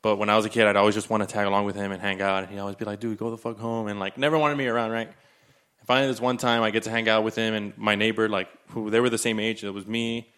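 A man's voice: lowish voice, little pitch movement, fast talker, a bit bright, clean tone. A man in his twenties from South Texas, casually telling a story, loose and filler-heavy, saying "like" a lot. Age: 20s.

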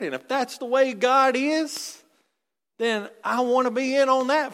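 A man preaching a sermon in a church, animated and conversational, with frequent asides and rhetorical questions. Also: very high-pitched, a little slow. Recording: long reverb of a large hall.

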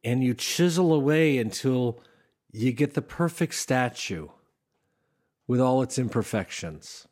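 Man coaching comedy writing, animated bursts. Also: medium pitch, unhurried. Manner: conversational, animated bursts when demonstrating delivery. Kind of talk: instructional talk to camera.

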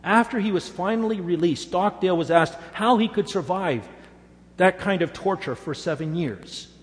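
A male pastor delivers a sermon, telling his stories earnestly and pressing his assurances. His voice sits a bit high. A long hall reverb and a faint hum sit behind it. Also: moderate pace. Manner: earnest storytelling, emphatic assurances.

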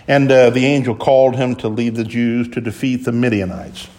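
A man delivers a sermon that lurches between loud exclamations and quiet asides, performing the voices of biblical figures. His pitch sits in the middle, his intonation stays fairly even, and his pace is moderate.

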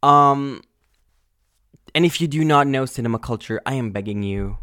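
A male podcast host ranting angrily and profanely in a casual monologue, full of fillers and sudden loud outbursts. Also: mid-range voice, normal speed, dry recording, studio quality. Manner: angry, exasperated, profane.

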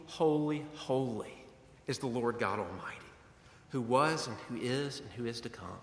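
A man's voice: fairly high pitch, a bit bright. A man preaching a sermon as pastor, earnest and conversational, in a church sanctuary. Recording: echoey hall with long reverb.

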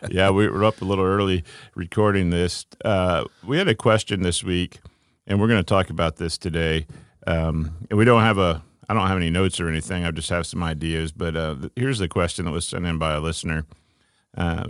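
A man co-hosting a casual faith podcast, thinking aloud with relaxed fillers and restarts. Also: sits low, a little fast, smooth, no room sound, studio quality. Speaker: podcast co-host.

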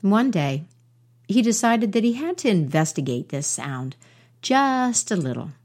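A woman storyteller telling a folk tale aloud in a gentle, measured way. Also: fairly low pitch. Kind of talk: oral storytelling.

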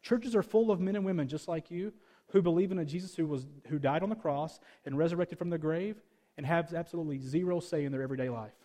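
A man's voice: fairly high pitch, fast talker, warm tone. A man in his thirties, a pastor preaching a sermon in a conversational, slightly snarky way, peppered with rhetorical questions. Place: large church hall. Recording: echoey church hall.

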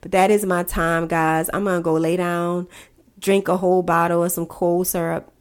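A woman hosting a solo podcast and giving advice in a fast, emphatic, chatty way. Her voice is nasal and congested because she is sick. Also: on the low side, level tone, clean tone. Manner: fast, emphatic, chatty, addresses listeners as guys. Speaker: podcast host.

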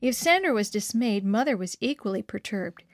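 A woman reading a story aloud in scripted narration, measured and expressive. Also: medium pitch, no echo, clean studio sound.

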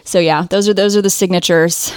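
A woman's voice: fairly low pitch, fairly even intonation, a little fast, clean tone, dry recording. Chatty Midwestern American woman, dry sound. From Ohio, USA. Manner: friendly, chatty, laughs easily. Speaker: guest, knitwear designer. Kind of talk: casual interview chat.

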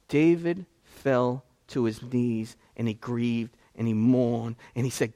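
A man's voice: mid-range voice, fairly even intonation, a little slow, few pauses, mellow. A man, a pastor, preaching a conversational sermon that swings from casual asides to impassioned climaxes.

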